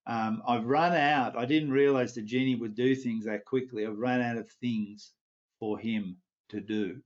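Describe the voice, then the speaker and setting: A man voicing an ordinary villager in a told parable, excitable and quick to exclaim. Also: mid-range voice, highs cut off, close to an everyday voice. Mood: pleading. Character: ordinary young man, eager then panicked.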